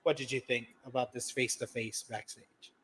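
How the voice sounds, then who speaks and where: A man hosting a wrestling review show, recapping events and calmly defending his own take in casual chat. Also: medium pitch, moderate pace, slightly rough. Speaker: host.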